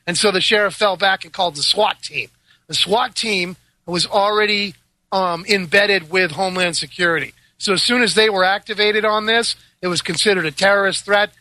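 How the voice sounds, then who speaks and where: Telling stories on his casual talk show, this podcast host adds sarcastic asides and laughs a lot. His voice sits high and sounds bright and forceful, at a moderate pace, with no room sound.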